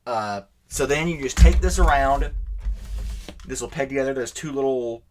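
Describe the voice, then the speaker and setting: A man's voice: medium pitch, normal speed, a little mellow, slight background noise. Rambling enthusiastic man demonstrating a toy. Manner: rambling, self-correcting, enthusiastic. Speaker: toy reviewer. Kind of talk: casual unscripted toy demonstration.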